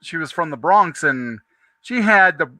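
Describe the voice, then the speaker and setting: A man's voice: on the high side, expressive, measured pace, sharp tone, no room sound. A man in a casual chat, joking and chuckling as he tells stories.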